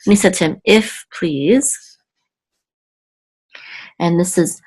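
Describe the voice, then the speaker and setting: A woman teaching Biblical Hebrew word by word, patient and halting, often correcting herself. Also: fairly low pitch, darkish tone, breathy edge. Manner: halting, with many fillers and self-corrections. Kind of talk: slow, patient word-by-word lesson.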